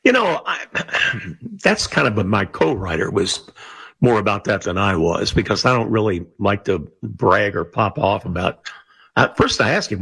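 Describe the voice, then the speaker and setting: Gravelly, raspy older man on radio. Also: fairly low pitch, sing-song, moderate pace, a bit bright. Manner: plainspoken, earnest, repeats for emphasis. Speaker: radio guest, former network radio executive. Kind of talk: casual radio interview.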